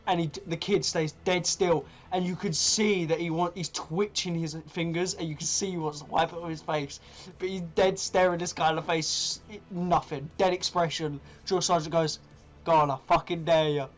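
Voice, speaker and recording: A man's voice: fairly high pitch, fairly even intonation, moderate pace, hardly any pauses. A young man telling a crude story on a casual podcast, laughing as he goes. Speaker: podcast co-host.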